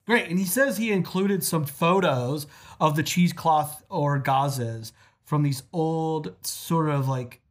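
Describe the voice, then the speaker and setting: Giggly, animated podcast co-host woman. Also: low-pitched, slow pace. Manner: giggly, animated, lots of fillers. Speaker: podcast co-host reading listener emails. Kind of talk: casual podcast chat.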